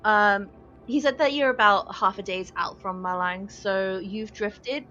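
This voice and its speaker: A woman's voice: medium pitch, steady tone, measured pace, bright, forceful tone, faint music behind. A woman running a tabletop game as dungeon master, narrating loosely with fillers and laughs. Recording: dull lo-fi podcast audio.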